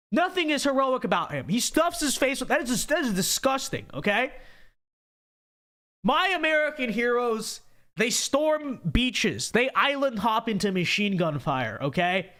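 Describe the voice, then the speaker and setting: A man's voice: extremely high pitch, pushed and bright. A young man hosting a livestream, ranting emphatically and repeating himself to press his point. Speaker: livestream host. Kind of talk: casual livestream rant.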